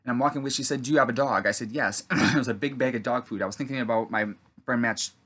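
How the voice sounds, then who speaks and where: A man telling about a dream in a halting, rambling monologue, full of fillers and throat clearing, then preaching earnestly. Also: mid-range voice, a bit bright. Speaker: vlogger recounting a dream.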